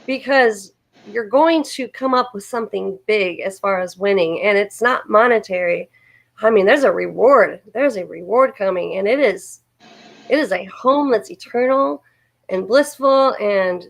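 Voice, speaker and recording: A woman's voice: on the high side, vocal fry, low-quality recording. A woman co-hosting a livestream, talking casually in an earnest, encouraging way and often repeating herself. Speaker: livestream co-host. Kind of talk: casual supportive chat.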